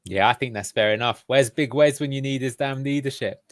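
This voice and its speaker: A man's voice: mid-range voice, a little fast, no room sound. Jokey male host, dry sound. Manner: jokey, leads the discussion. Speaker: podcast host. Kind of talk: casual football fan chat.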